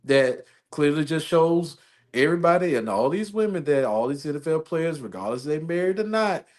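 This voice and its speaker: A man's voice: a little high, lively intonation, normal speed. A man co-hosting a podcast, chatting casually, rambling and repeating himself as he tells stories. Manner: rambling, repeats phrases, laughs often. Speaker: podcast co-host. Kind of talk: casual chat.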